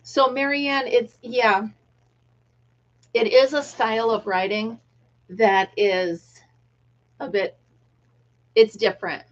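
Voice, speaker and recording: A woman's voice: on the high side, fairly even intonation, takes it slowly, long pauses, lo-fi sound. A middle-aged woman casually chatting on her livestream, greeting viewers by name and laughing often. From United States. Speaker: livestream host. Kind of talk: casual chat.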